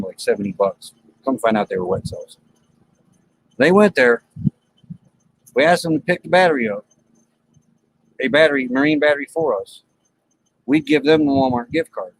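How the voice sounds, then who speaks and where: Gravelly, plain-spoken storyteller man. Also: medium pitch, slight background noise, poor audio. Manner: animated, acts out dialogue in the story. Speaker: live stream host. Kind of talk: casual storytelling to live chat.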